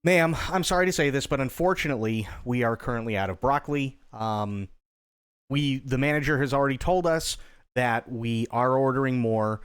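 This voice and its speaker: A man doing a low, polite grocery clerk. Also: clear, resonant tone, no echo, studio quality, natural voice. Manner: polite, deliberate customer-service tone. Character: patient young male grocery clerk.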